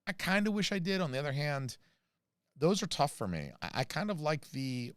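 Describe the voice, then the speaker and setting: A man's voice: on the high side, big pitch swings, moderate pace, clean tone, dry recording. American guy, livestream host, rambling and jokey, dry close sound. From United States. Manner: rambling, jokey, many fillers and asides. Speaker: channel host reading live chat. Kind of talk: casual livestream chat.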